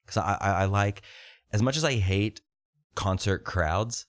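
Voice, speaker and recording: A man's voice: fairly low pitch, unhurried, dry recording. A man in his thirties hosting a podcast in casual chat, rambling and swearing with lots of restarts. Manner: rambling and profane, with frequent restarts. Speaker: podcast host.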